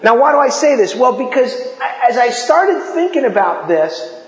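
Animated high-voiced male preacher in echoey hall. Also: moderate pace. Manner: animated, conversational preaching with acted-out quotes. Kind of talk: sermon.

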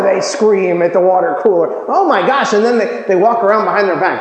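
A man preaching a sermon, lively and joking, acting out everyday conversations with put-on voices. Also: a little fast. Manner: animated, acts out dialogue with funny voices. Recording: echoey hall, dull low-fi sound.

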